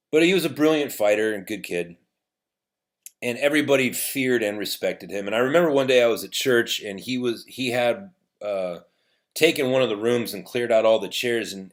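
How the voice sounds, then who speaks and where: A man hosting an opinion show, telling a rambling story with restarts and sarcastic jabs. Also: lowish voice. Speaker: podcast host.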